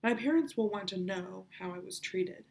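A woman's voice: mid-range voice, normal speed, gravelly, a little mellow, close to an everyday voice. A woman voicing a bold, stubborn young girl held captive on a ship, pressing her questions insistently.

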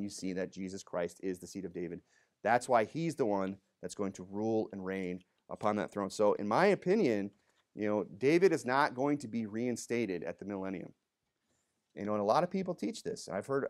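Man preaching a casual sermon. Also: mid-range voice. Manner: conversational, frequent "you know" and "okay?", reads scripture louder. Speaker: pastor. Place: church sanctuary.

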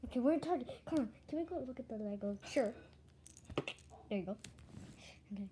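High, lively woman voicing toy characters. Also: a little fast, noisy background. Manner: excitable, switches voices between characters. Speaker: toy skit narrator and voice performer. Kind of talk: playful toy role-play skit.

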